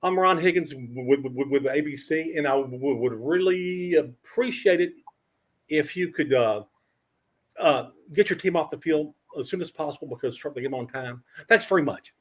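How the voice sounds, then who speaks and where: An older man, a veteran sports writer, telling animated anecdotes as a guest, with stammering restarts and a husky voice. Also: on the high side, moderate pace. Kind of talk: animated storytelling.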